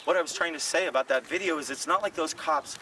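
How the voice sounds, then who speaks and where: A man's voice: on the high side, fast talker, recorded from a distance, slight background noise, low-quality recording. A comedian telling stories in casual talk on a city walk, acting out the voices of the people he quotes. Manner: animated, acts out quoted voices. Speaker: comedian and podcast co-host. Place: outdoors on city streets.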